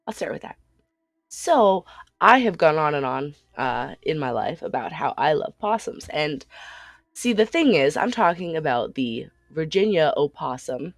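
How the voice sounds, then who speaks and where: A woman from the Midwest United States who is sick and sounds rough, chatting in a rambling way on her game stream at home. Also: low-pitched, no room sound, clean studio sound. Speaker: gaming streamer. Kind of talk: casual live-stream chat. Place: home, with dogs nearby.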